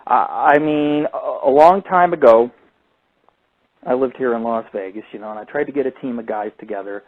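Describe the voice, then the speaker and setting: A man's voice: medium pitch, normal speed. A man hosting a radio show, rambling and swearing constantly in a casual monologue. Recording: tinny phone-like sound.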